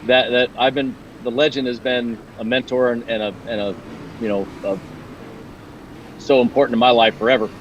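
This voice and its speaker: A man guesting on a racing stream, goofy and excitable, cheering cars on loudly. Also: mid-range voice, moderate pace, lo-fi sound. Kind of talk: casual chat while watching a sim race. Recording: distant mic with loud noise.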